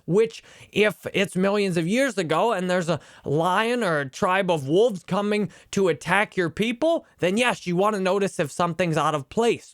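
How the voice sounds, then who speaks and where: A man's voice: high voice, fairly bright tone, no room sound, studio quality. A man in his thirties, an online instructor, talking earnestly and openly about a book and his own life. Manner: earnest, personal, emotionally open. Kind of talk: reflective book review talk.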